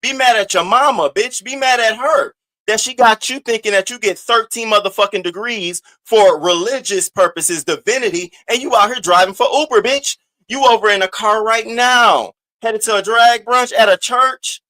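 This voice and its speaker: Bright, high-voiced man trash-talking. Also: moderate pace. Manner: profane, taunting, trash-talking. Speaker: host. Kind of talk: roast-style live rant.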